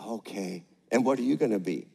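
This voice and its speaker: An older man preaching a sermon on stage, energetic with the crowd and gentle with a child. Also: lowish voice, brisk, creaky. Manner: energetic, rallies the crowd with call-outs; gentle and playful when talking to a child. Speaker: pastor. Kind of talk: sermon with a live demonstration. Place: large church auditorium, on stage. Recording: echoey large church hall.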